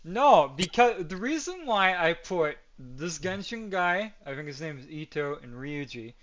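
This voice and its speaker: A man's voice: on the high side, big pitch swings, unhurried, a bit bright, lo-fi sound. A man hosting a podcast in casual chat, rambling and often ending his points with "right?". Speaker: podcast host.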